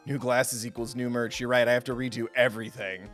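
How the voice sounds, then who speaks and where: A man's voice: medium pitch, steady tone, moderate pace, fairly bright tone, faint music behind. A man streaming a game live, chatting casually with his viewers in a self-deprecating, giggly way.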